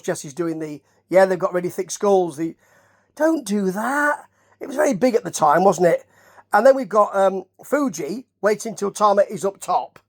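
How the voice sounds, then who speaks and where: Chatty Nottingham man rambling through reviews. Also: high voice. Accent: Nottingham English. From Nottingham, England. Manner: rambling and chatty, with asides and questions to the listener. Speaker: wrestling reviewer. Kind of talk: casual rambling review commentary.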